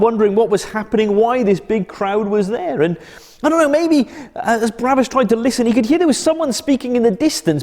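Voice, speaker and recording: A man presenting a children's church club, telling a Bible story gently and expressively. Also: high-pitched, big-room sound.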